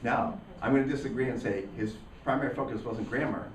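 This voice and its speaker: Fast-talking male instructor from northeastern Pennsylvania, guiding a class discussion; roomy room, distant mic. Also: medium pitch, a little hiss or hum.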